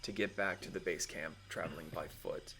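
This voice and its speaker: A man's voice: low voice, normal speed, a little hiss or hum. Man running a tabletop game. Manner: relaxed, loose narration with fillers and swearing. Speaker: game master.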